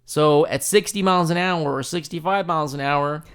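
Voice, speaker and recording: A man hosting a podcast, telling a story in a casual, profane, animated way and laughing often. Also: fairly high pitch, brisk, clean tone. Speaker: podcast host.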